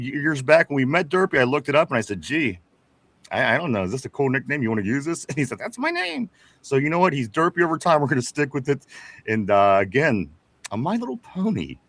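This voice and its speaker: A man's voice: medium pitch, lively intonation, a little fast, a bit bright, no room sound. A man hosting a casual sports talk show, reading viewer comments aloud with frequent chuckles and repeated words. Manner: chatty, stumbles and repeats words, chuckles often.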